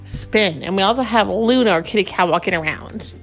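A woman's voice: mid-range voice, brisk, soft background music. A woman in her thirties hosting a podcast, reading a picture book aloud to her child, playful and chatty. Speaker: podcast host and mother.

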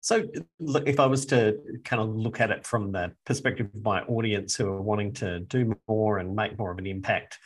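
A host with a low voice asks casual, probing questions and sums up what his guest has said. He speaks loosely, like someone thinking aloud. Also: moderate pace, few pauses, husky. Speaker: podcast host. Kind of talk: interview questions.

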